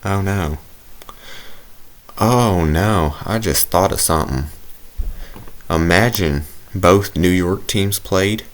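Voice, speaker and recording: A man's voice: deep voice, slow, pauses often. A man giving casual, rambling, jokey commentary while playing a video game. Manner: rambling, jokey, self-mocking. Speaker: gaming video creator.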